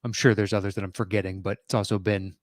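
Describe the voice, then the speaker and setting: Low-voiced man thinking out loud. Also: flat delivery, dry recording, clean studio sound. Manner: hesitant, thinks out loud with pauses and fillers. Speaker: podcast co-host. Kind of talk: casual chat.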